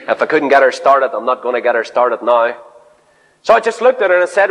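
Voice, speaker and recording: A man preaching an evangelistic sermon full of personal anecdotes, swinging between loud, high exclamations and low, quiet asides. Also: expressive, quick pace. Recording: long hall reverb.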